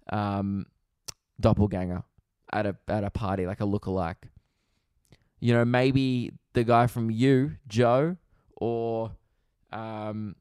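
Rambling comedian telling a story. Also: male voice, mid-range voice, a little mellow, clean tone, no room sound, studio quality. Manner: rambling, self-mocking, quoting others in quick asides. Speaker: comedian podcast host. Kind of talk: casual storytelling monologue.

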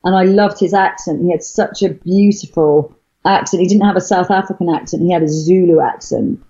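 A woman's voice: fairly low pitch, a little fast, warm tone, husky. A middle-aged woman from Wales, a guest telling her story in casual chat, rambling with many fillers and restarts. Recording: dull lo-fi sound.

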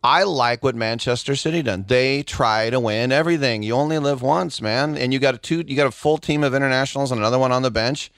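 Middle-aged man, excitable, rambling, resonant voice, dry studio sound. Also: medium pitch, fast talker, few pauses, dry recording. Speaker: podcast co-host. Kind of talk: casual sports chat.

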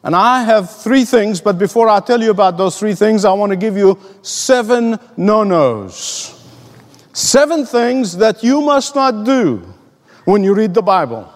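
A man's voice: high-pitched, very animated, a little slow. Emphatic man preaching in a reverberant space. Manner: earnest, emphatic, storytelling with rhetorical questions. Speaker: pastor. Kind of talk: sermon.

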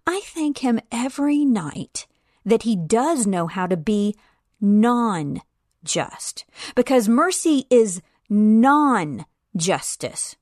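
A woman teaching the Bible to parents, her voice rising and falling in lively swings. She speaks slowly and earnestly. The sound is dry and close. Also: no room sound. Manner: acts out the students and professor with lively shifts of pitch. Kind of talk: retelling a sermon story, then teaching.

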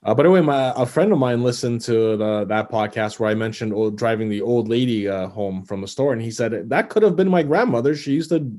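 A man's voice: medium pitch, expressive, a little fast, hardly any pauses, warm tone. A man co-hosting a podcast, reading listener mail in a dry, hesitant way. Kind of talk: casual chat.

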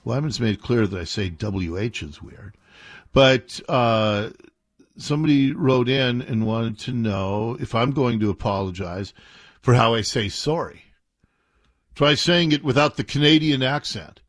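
A man from the Seattle area hosting a talk radio show, animated and indignant, arguing playfully with his co-hosts. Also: medium pitch, measured pace. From Seattle area, USA.

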